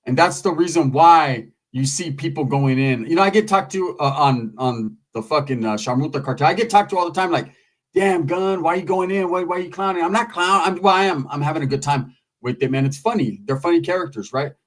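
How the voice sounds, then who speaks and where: A man talking casually into the camera, telling a profane story and mimicking other people in loud, high voices. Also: expressive, a little fast. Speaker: YouTube commentator. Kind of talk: casual commentary monologue.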